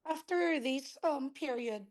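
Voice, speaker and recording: A woman from California asks worried questions on a video call, her voice high. She is losing her voice, so she sounds hoarse. She speaks as someone seeking answers. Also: slow. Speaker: caller with a question.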